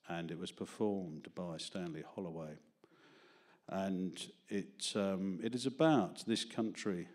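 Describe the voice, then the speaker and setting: A man's voice: low voice, a little mellow. Man reading poetry at an open mic. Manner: self-deprecating, jokey asides to the audience. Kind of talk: poetry reading and banter with a live audience. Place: small arts-centre studio with a live audience.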